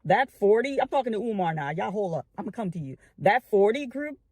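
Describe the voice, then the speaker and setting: A woman's voice: mid-range voice, big pitch swings, a little fast, a little mellow, dry recording, clean studio sound. A woman commentator making an impassioned address to her online followers, repeating phrases and stalling on long "um" fillers. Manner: addresses the audience as family.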